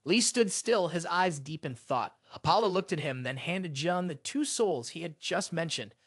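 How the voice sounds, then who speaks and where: High, expressive male story narrator. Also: normal speed.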